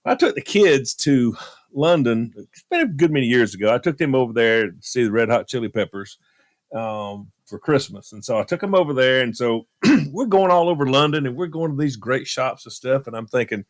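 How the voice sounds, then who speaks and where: A man's voice: medium pitch, expressive, moderate pace. A man from the United States telling a self-deprecating story on a radio talk show, laughing at himself.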